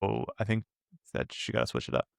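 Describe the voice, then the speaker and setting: Man, podcast co-host, gravelly, resonant, wry casual chat. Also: on the low side, very animated, fast, dry recording, studio quality.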